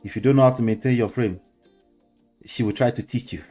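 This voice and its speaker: A man's voice: medium pitch, fairly even intonation, brisk, dark tone, soft background music. Chuckling Nigerian man lecturing casually. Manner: lecturing, chuckling, mixes in pidgin slang. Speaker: host. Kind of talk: casual commentary monologue.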